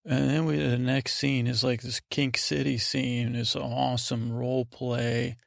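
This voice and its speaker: A man hosting a sleep podcast, recapping a TV episode in a meandering, hesitant way, often breaking into quick impressions of the characters. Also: mid-range voice, little pitch movement, vocal fry, no echo, studio quality. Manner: meandering, hesitant, acts out scenes in quick voices. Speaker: podcast host.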